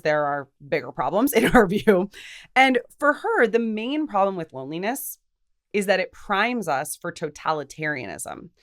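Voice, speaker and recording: A young adult woman co-hosting a podcast, talking through philosophy in a lively, thoughtful way with casual fillers. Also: fairly low pitch. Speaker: podcast co-host.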